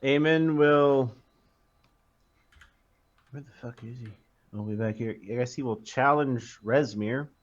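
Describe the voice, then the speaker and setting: A man's voice: mid-range voice, slow pace, pauses often. A man on a dull, lo-fi microphone plays a tabletop game. He thinks aloud and hesitates as he decides his character's moves. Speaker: player. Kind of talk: casual tabletop game chat. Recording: dull lo-fi mic.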